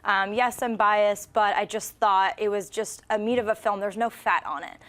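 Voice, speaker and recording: A woman's voice: mid-range voice, fairly even intonation, normal speed, a bit bright, a little hiss or hum. Chatty woman on a movie panel. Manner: chatty and enthusiastic. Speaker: senior movie news editor. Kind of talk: casual panel chat.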